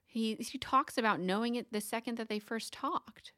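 A woman co-hosting a book podcast, retelling chapters in a casual, animated way and laughing often. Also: fairly high pitch, normal speed, no room sound, studio quality.

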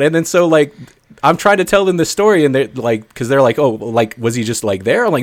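Excitable rambling man on a podcast. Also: on the high side, quick pace, no echo. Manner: rambling, excitable, many fillers. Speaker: podcast co-host. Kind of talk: casual chat, storytelling.

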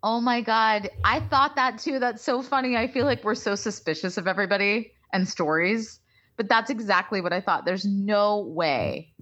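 A woman co-hosting a podcast in casual, animated, jokey chat. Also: mid-range voice, moderate pace. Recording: dull lo-fi sound.

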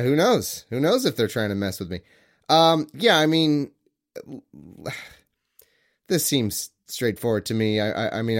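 A man from California co-hosting a podcast, working through a quiz question in rambling, joking casual chat that keeps cutting itself off. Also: on the low side. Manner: rambling, self-interrupting, joking. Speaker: podcast co-host answering a quiz.

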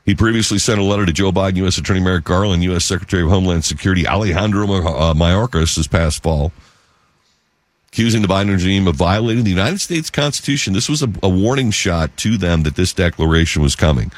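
Low-voiced radio guy ranting thru the news, leans hard on the numbers, studio mic. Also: no room sound. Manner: emphatic, reads figures slowly for stress. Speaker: talk radio host. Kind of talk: talk radio news monologue.

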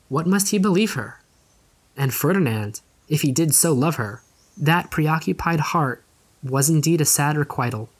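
A man reads an old novel aloud at a middle pitch. His storytelling is measured and even, in the steady manner of an audiobook. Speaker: narrator. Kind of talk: audiobook narration.

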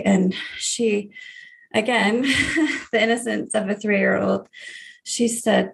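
A woman in her thirties, a grief coach, earnestly telling her personal story in an interview, with soft laughs. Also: mid-range voice, slow pace, creaky, pauses often.

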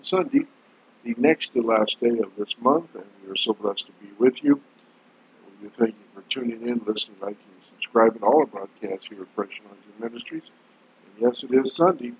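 A male pastor hosts a daily radio devotional, his husky voice measured and earnest as he draws out his words. The audio sounds dull and lo-fi, like an old broadcast. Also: medium pitch. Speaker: pastor and host.

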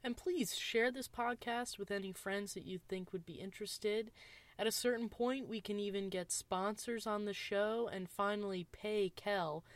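A woman's voice: mid-range voice, moderate pace, no echo. A woman co-hosting a podcast, chatting casually and playfully about a movie with frequent laughs. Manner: giggly, playful. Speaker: podcast co-host. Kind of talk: casual movie review chat.

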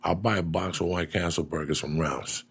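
A middle-aged man hosting a casual chat, a profane and animated storyteller with a gravelly, husky voice. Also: low voice, normal speed.

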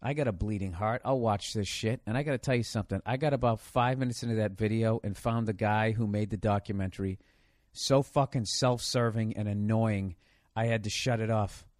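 A man's voice: on the low side, brisk, darkish tone, dry recording, clean studio sound. A man hosting a comedy show, ranting in a sarcastic, profane and rambling way. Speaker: comedian host.

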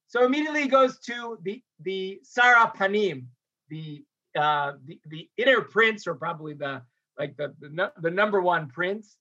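A man gives a lecture on a religious text, animated and acting out its characters, with frequent restarts. His voice sits high and sounds bright and forceful. The recording is dull and lo-fi. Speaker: rabbi teaching a text.

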